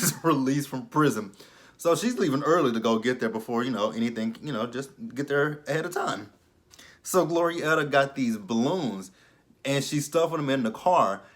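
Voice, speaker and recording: A young man casually recapping a reality show, laughing and swearing freely and mocking the cast in quick asides. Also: medium pitch, expressive. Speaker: YouTube reality-show reviewer.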